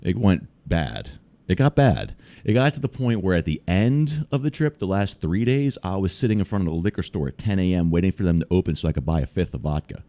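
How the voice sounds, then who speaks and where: A man's voice: low-pitched, lively intonation, brisk, mellow. An American man telling a trip story in casual, profane podcast chat. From United States. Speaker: guest storyteller.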